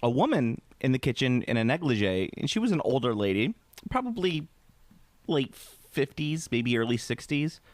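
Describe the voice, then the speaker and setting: A man's voice: mid-range voice, very animated, normal speed, dry recording. A man from the Midwest, hosting a podcast and telling rambling, crude, joking stories in casual chat. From American Midwest. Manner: rambling storyteller, crude, jokey. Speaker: podcast host.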